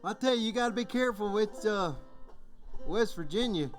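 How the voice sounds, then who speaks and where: A man's voice: high voice, expressive, moderate pace. A man from Georgia with a Southern US accent, telling folksy jokes and stories on stage at a folk music workshop and laughing at his own jokes. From Georgia, USA.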